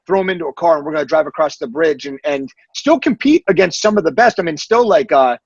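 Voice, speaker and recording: A man hosting a podcast, asking a guest questions in a relaxed conversational way. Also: on the high side, quick pace, vocal fry, slightly rough, no room sound. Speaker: podcast host. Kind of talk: casual interview questions. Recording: dry, muffled lo-fi podcast audio.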